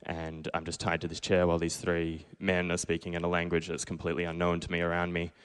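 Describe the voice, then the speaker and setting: On a small pub stage, a Perth man in his twenties with an Australian accent tells a true story at his own expense, performing his past lines. He speaks quickly in a low, smooth, monotone voice, and the sound is of a big room.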